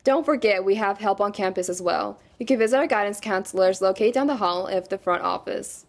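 A woman's voice: medium pitch, a little fast, creaky. A woman co-anchoring a student news show, reading the script and handing off to other reporters. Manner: announces segments and hands off to others.

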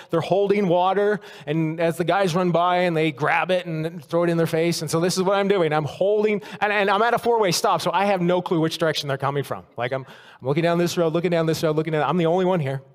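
A man preaching a sermon in a church, telling a story and acting out the quotes with lively swings. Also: high-pitched. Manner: storytelling, animated, acts out quotes. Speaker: pastor. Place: church sanctuary. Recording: long reverb of a church hall.

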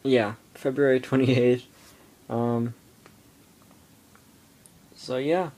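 Teenage boy vlogger, easygoing slow delivery, rambling with lots of fillers, recorded on an iPod at home. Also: medium pitch, a little mellow. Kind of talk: casual rambling vlog. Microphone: iPod camera.

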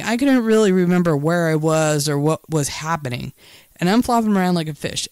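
A woman's voice: low-pitched, darkish tone, no echo, clean studio sound. A woman hosting her own podcast in a casual solo monologue, telling a story candidly and heatedly, with frequent restarts. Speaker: podcast host.

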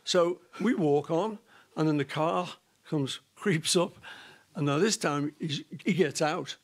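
Animated man telling a story. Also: a little high, takes it slowly. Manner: animated storyteller, laughing, putting on voices. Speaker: interview guest. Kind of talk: casual anecdote telling.

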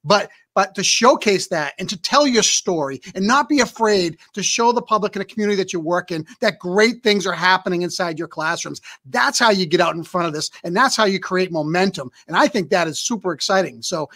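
A man's voice: sits high, expressive, brisk, few pauses, bright, forceful tone. A man hosting an interview podcast, asking questions and responding in an enthusiastic, encouraging way. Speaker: podcast host.

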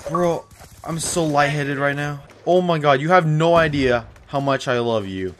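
A man giving live commentary over a game into a headset, gushing and excitable like a starstruck fan. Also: on the high side, moderate pace, slight background noise. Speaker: gaming YouTuber.

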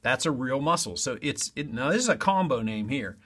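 A male teacher records an online lesson at a table and talks straight to his students in a chatty, loose way. His voice sits at a middle pitch for a man. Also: expressive, brisk, a bit bright, breathy edge.

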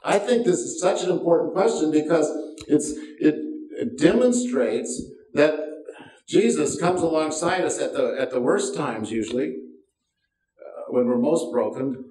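A man's voice: fairly high pitch, expressive, unhurried, dark tone. An older man preaching a sermon as pastor, folksy and self-deprecating, with wry asides. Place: church sanctuary. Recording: roomy sound from a distance.

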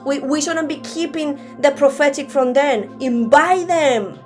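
A woman's voice: sits high, fairly even intonation, normal speed, darkish tone, soft background music. A woman preaching a sermon at a church service in a conversational way, often restarting her sentences.

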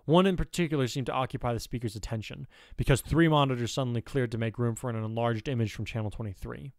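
A man narrating an audio fan fiction chapter in an even storytelling voice. His pitch is mid-range and the recording is dry and close, with no room sound. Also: fast talker, no room sound.

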